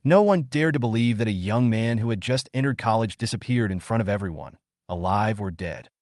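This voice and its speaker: A man voicing a calm, self-assured young man in a comic story. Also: lowish voice, brisk, no room sound, clean studio sound, lightly acted.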